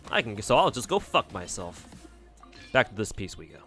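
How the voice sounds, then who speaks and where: A man's voice: on the low side, big pitch swings, normal speed, sharp tone. A man streaming a game, chatting casually and swearing freely as he mutters to himself. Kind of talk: casual gameplay commentary. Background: faint game music.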